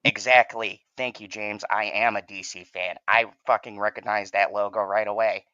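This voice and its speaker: Male fan host, lower voice, dry close sound, heated profane reaction rant. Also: steady tone, moderate pace, sharp tone, dry recording, highs cut off.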